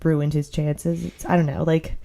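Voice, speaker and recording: A woman's voice: low-pitched, level tone, normal speed, creaky, warm tone. A young woman co-hosting a podcast, chatting casually and meandering with many fillers. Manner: heavy use of "like", meandering. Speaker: podcast co-host.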